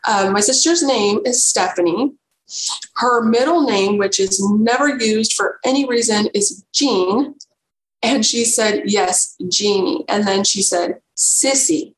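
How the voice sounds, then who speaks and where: A woman guest telling a personal story in an earnest, halting way, often restarting her sentences. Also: mid-range voice. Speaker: podcast guest. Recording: roomy echo, faint noise.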